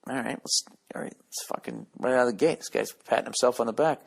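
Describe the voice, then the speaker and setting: A man's voice: medium pitch, steady tone, a little fast, gravelly, long reverb tail. A man in his forties hosting a podcast, ranting in a sarcastic, profane, combative way. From United States. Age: 40s. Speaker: podcast host.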